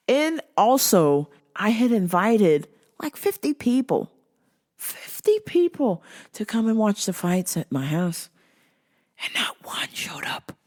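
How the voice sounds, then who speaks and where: A woman hosting her own show, ranting in a casual, animated and exasperated way, swearing freely. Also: fairly low pitch. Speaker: show host.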